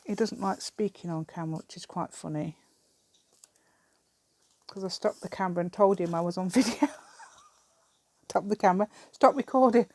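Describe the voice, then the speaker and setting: A woman talks her way through a craft project at an outdoor table in a casual, rambling vlog style. Her voice sits a little low, and the recording is dry and close. She keeps the chat loose and self-deprecating. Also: a little mellow, dry recording. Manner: rambling, chatty, self-deprecating with frequent laughs. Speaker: craft vlogger. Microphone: camera set on the table.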